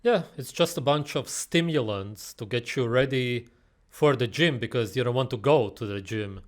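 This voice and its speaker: A man's voice: mid-range voice, moderate pace, over music. A man giving mocking, sarcastic reaction commentary on a video. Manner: scornful, sarcastic.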